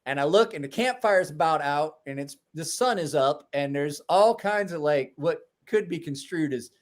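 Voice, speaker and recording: High-voiced profane storytelling man. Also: moderate pace. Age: 40s. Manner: profane, animated anecdote telling. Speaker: podcast host. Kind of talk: casual storytelling.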